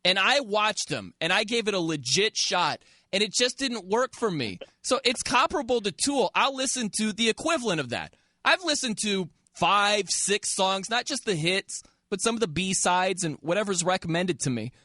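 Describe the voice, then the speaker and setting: A man hosting a sports talk radio show, teasing his co-host and callers with quick banter and frequent laughs. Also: sits high, expressive, sharp tone, no echo. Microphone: studio microphone.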